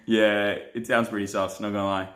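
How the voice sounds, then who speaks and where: Young man, low-pitched, joking, casual stream chat. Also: little pitch movement, moderate pace, a bit bright. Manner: playful, joking, laughs often. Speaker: pastor and live streamer. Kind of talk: casual live-stream chat reading viewer comments.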